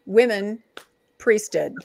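A woman taking part in a casual podcast discussion with lively, agreeable remarks. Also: mid-range voice, takes it slowly, vocal fry, dry recording. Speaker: podcast co-host.

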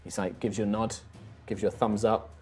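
A man's voice: on the low side, a little fast, loud music behind the voice. A man narrating as game master of a tabletop game, laughing as he describes the action. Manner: laughing, animated storytelling.

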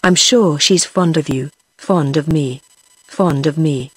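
A synthetic woman's voice reading the lines of a gentle, anxious young woman in an audiobook, in a flat machine delivery. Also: low voice, slow, breathy edge, dry recording, full character voice.

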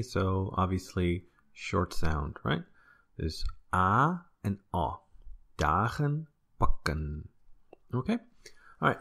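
Deep gravelly male language teacher. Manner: relaxed, explanatory, frequent "uh" and "right?". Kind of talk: casual online lesson.

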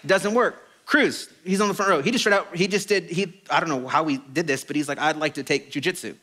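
A middle-aged man preaching a sermon as a pastor, telling stories in an animated, self-deprecating way. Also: on the high side, brisk. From Mexican heritage. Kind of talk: storytelling sermon. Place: church auditorium.

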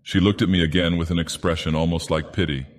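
A grand, menacing ancient god-villain, voiced by a man, reads a storybook tale in a very deep, slow, theatrical voice. Long reverb hangs behind every word, so he sounds as if he speaks from a vast hall. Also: fairly even intonation. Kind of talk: audiobook narration in character.

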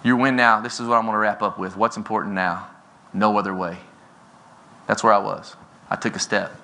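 A man in his forties giving a motivational keynote speech from a conference stage, telling stories with energy and often rising in pitch and volume. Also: fairly even intonation, brisk, pushed and bright. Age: 40s. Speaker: keynote speaker. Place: conference stage before an audience.

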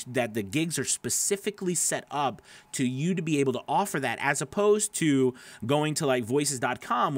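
A male voice actor hosts a casual live stream, rambling with plenty of fillers and restarts as he answers viewers' comments by name. His voice is mid-range, with no echo.

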